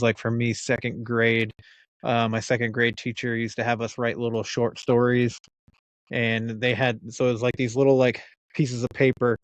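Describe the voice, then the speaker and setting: A man's voice: mid-range voice, clean tone, no room sound. A man from the United States hosting a podcast, chatting casually with laughs and the odd swear word. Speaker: podcast host.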